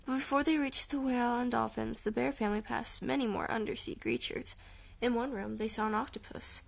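A woman reading a children's storybook aloud softly, sometimes near a whisper. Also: on the high side, steady tone, a little fast, vocal fry. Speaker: audiobook reader.

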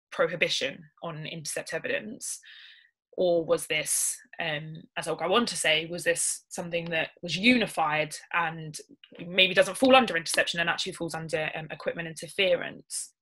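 Woman, young, lower voice with a sharp bright edge, careful explainer on a video call. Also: low-quality recording. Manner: careful, explanatory, with many ums and restarts. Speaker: barrister presenting a legal webinar. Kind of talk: webinar presentation.

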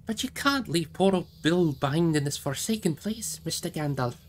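A man's voice: fairly high pitch, quick pace, fairly bright tone, slight background noise, voice pushed up, close to an everyday voice. A man voicing a stubborn, loyal young male hobbit servant in an audiobook reading, pleading and indignant. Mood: upset.

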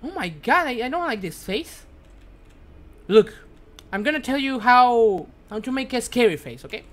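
A man whose first language is Spanish, streaming a game live in broken English, jumpy and quick to yelp and curse when startled. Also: very high voice, animated, fairly bright tone. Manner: broken, non-native English.

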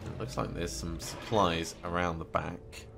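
A man's voice: low-pitched, fairly even intonation, a little slow, gravelly, over music. A man casually commenting while playing a video game, with wry joking asides. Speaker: let's play host.

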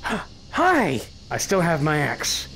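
Brief: gaming host, young man, raspy edge, excitable mock bravado, faint music underneath. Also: a little high, takes it slowly. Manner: excitable, swearing mock-threats. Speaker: gaming YouTuber. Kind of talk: casual gameplay commentary.

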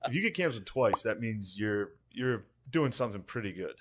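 A man co-hosting a podcast, riffing in a laid-back, deadpan way. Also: fairly low pitch, brisk, dry recording. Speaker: podcast co-host. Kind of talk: casual chat.

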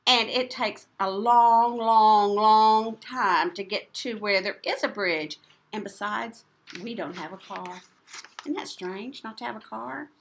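A woman's voice: mid-range voice, slow. A woman voicing a patient mother explaining things to her daughter in a picture book read-aloud.

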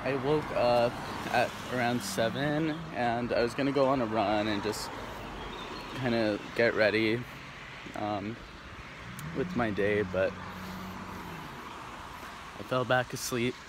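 A young man from Tacoma, Washington, speaks slowly with long pauses in a mid-range voice and fairly level intonation. He's vlogging casually on a walk through a neighborhood, rambling with lots of fillers and restarts, and faint outdoor noise can be heard. He's from the Pacific Northwest, USA.

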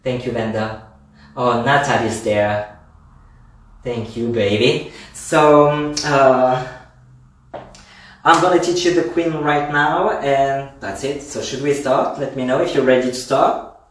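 A man's voice: medium pitch, fairly even intonation, takes it slowly. A man from France with a French accent, teaching a line dance class from home in a chatty, effusive way and counting the steps aloud. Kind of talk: live-streamed dance class. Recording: roomy echo, mic at a distance.

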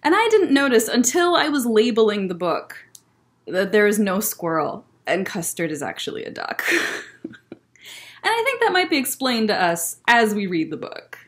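In a public library, a young woman who works as a children's librarian chats with young children and reads a picture book aloud at story time. Her mid-range voice moves at normal speed with an animated, bouncy delivery.

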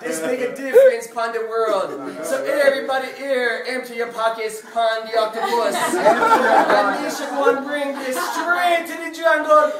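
A man's voice: very high voice, moderate pace, few pauses. A man putting on a playful Jamaican accent as a laid-back Rasta party emcee, joking between laughs. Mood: hyping. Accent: put-on Jamaican. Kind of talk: party speech in character. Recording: echoey hall from far off, loud crowd.

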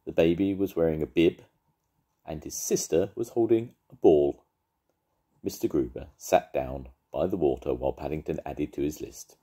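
An older man, a grandfather, reading a children's story aloud in a lively, expressive way. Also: rumbling low, moderate pace, husky.

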